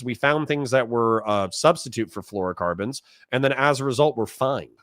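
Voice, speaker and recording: A man's voice: medium pitch, a bit bright, no room sound, studio quality. A man from Florida hosting a casual livestream, reading out chat donations and rambling bluntly in reply. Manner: rambling and blunt, reads chat messages aloud.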